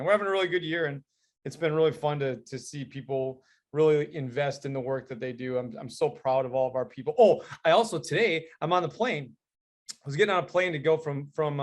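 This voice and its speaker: A man from Wisconsin chats as a webinar guest over a video call from an indoor room. He talks in a high-energy, animated way. His voice sits a little high for a man. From Wisconsin, USA. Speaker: school superintendent, webinar guest. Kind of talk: casual chat.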